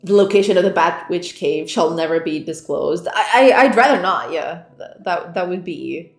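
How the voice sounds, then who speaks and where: A woman's voice: lowish voice, animated, normal speed. A woman, a game developer streamer, chatting casually with viewers, giggling often and reading chat aloud. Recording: roomy echo with faint background music.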